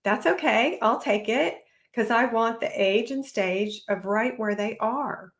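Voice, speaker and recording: A woman in her forties with a slightly higher voice talks on a solo podcast. She is lively and expressive, and she slips into playful voices when she quotes children. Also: unhurried. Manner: animated, acts out kids' voices. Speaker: podcast host. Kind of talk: solo podcast talk to parents.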